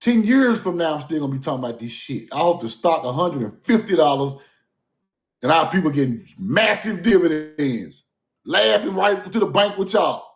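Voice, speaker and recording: This livestreamer's voice sits a bit high and creaky, with a sing-song lilt at a moderate pace. He talks casually and unscripted, stressing points, repeating himself, and laughing often. Recorded through a phone or streaming mic in an echoey room.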